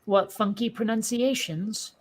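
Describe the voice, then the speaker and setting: A woman in casual chat, talking in a wry, animated way and telling stories. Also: fairly high pitch, measured pace. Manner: chatty, wry, animated storyteller. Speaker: podcast co-host.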